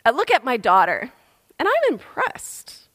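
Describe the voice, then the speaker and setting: A woman preaches slowly, telling a story with a voice that rises and falls widely. Her pitch sits a little high, and a long reverb trails each phrase through the large church hall. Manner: lively storytelling, acts out voices. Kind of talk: sermon with storytelling.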